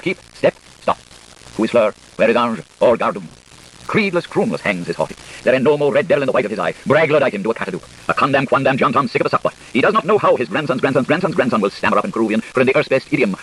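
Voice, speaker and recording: A man reads aloud at a breakneck clip, his voice swooping animatedly through each phrase. He keeps a sing-song, unhurried-sounding lilt despite the speed, with a mid-range pitch and a faint hiss behind him. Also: a bit bright, low-quality recording. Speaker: reader. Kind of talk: fast literary reading aloud.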